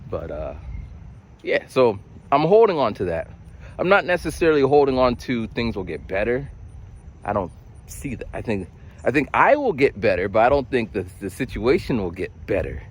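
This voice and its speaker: Rambling, animated young man vlogging. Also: medium pitch, normal speed. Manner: rambling, animated, full of restarts and acted voices. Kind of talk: casual monologue.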